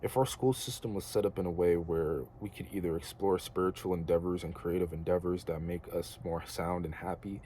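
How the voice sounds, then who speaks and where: Young man, deep mellow voice, earnest and rambling casual monologue, faint room hiss. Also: fairly even intonation, fairly quick, few pauses. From United States. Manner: earnest, rambling, slangy with filler words. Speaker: vlogger.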